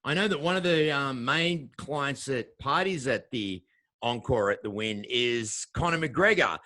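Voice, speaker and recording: A man's voice: medium pitch, expressive, unhurried, bright, forceful tone, no echo. An Australian man hosting a podcast interview show, with upbeat, welcoming showman patter. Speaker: show host.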